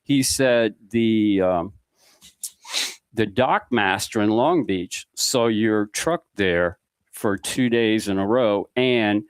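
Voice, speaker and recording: Man, low voice, podcast guest, rambling storyteller, dry close mic. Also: slow, clear, resonant tone, dry recording. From Mississippi Gulf Coast. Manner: rambling anecdotal storyteller acting out dialogue. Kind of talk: casual storytelling.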